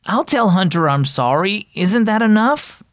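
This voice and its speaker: A man's voice: high-pitched, expressive, measured pace, a bit bright, dry recording, studio quality, voice pushed up. A man doing a whiny young boy. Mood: pleading. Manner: whiny, pleading. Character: young boy, sulky and defensive.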